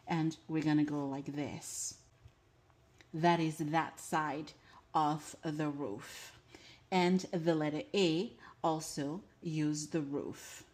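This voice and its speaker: A woman's voice: sits low, darkish tone. A woman with a French accent, a teacher patiently explaining step by step in a casual language lesson. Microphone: glasses-mounted camera for desk part.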